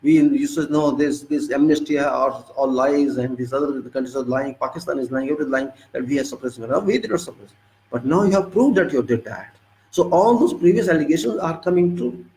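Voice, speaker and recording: A man's voice: mid-range voice, a little fast, a little mellow, poor audio. A man with an Indian English accent giving an impassioned monologue full of pointed rhetorical questions. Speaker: political commentator.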